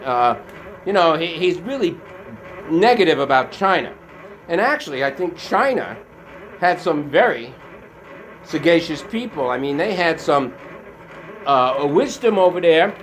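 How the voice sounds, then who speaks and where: Animated man rambling in his garage. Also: fairly high pitch, a little slow, pauses often. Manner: rambling political commentary with many fillers; talking while working out. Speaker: vlogger. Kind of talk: casual monologue. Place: home garage.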